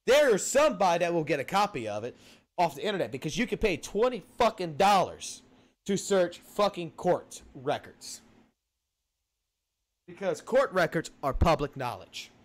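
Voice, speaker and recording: A man's voice: high-pitched, big pitch swings, normal speed. A man hosting a livestream, ranting heatedly and cursing often, repeating points for emphasis as he talks to viewers on a home mic. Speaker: livestream host. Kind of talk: livestream commentary rant.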